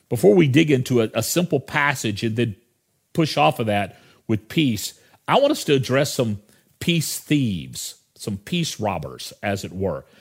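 A man's voice: mid-range voice, breathy edge. A middle-aged man, a pastor, preaching a conversational Christmas sermon that is full of asides and restarts.

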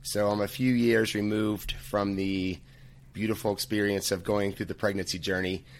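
A man's voice: on the low side, level tone, normal speed. A man in his thirties, an author and coach, answering interview questions in a friendly, thoughtful way as he searches for words. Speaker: podcast guest, author and men's coach.

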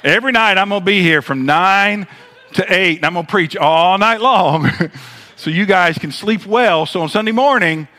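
A Southern American man delivers a sermon from the pulpit, and his voice sits high and bright. He preaches with dramatic pauses, sometimes dropping to a near murmur and then rising again. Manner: preaching with dramatic pauses and wide swings in loudness. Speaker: pastor.

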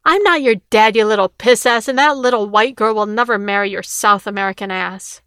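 A woman's voice: medium pitch, fairly quick, clear, resonant tone, dry recording, studio quality. A woman reading the lines of a scornful, violent middle-aged man in a storybook reading. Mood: hostile. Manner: taunting, shouting insults. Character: angry violent man, father, scornful bully.

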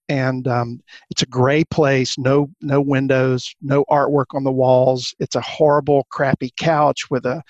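Guy w a gravelly husky voice telling office stories, acts out the quotes, kinda muffled lo-fi sound. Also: mid-range voice, dry recording. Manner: animated anecdotes, acts out quoted lines. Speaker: guest consultant. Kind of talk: storytelling in a podcast interview.

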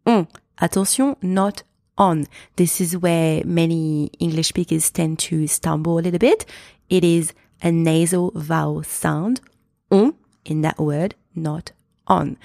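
A woman with a French accent hosting a podcast pronunciation lesson, slowly and carefully sounding out words. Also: fairly low pitch, gravelly, darkish tone, no echo, studio quality. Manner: slow, careful enunciation of example words.

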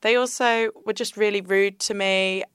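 A woman's voice: medium pitch, steady tone, normal speed, fairly bright tone, clear, resonant tone, dry recording, clean studio sound. A young woman, a podcast guest, telling her personal story in a candid, earnest way.

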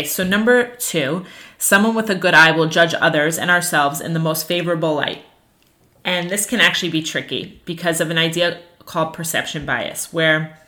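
Earnest woman teacher with a bright voice. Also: sits low. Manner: earnest and animated, with many fillers. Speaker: religious teacher. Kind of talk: teaching a class on Jewish ethics.

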